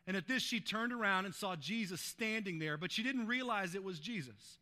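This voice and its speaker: A man's voice: high voice, lively intonation, moderate pace, hardly any pauses, bright, forceful tone. A man pastor preaching a sermon, retelling a scripture passage in a conversational way and often adding "right?" to check in with listeners.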